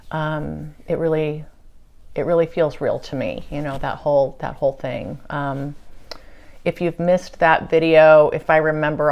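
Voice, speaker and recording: A woman hosting her own show, giving an earnest, halting spiritual monologue with many fillers and restarts. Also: low-pitched, muffled recording. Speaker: channeler and show host.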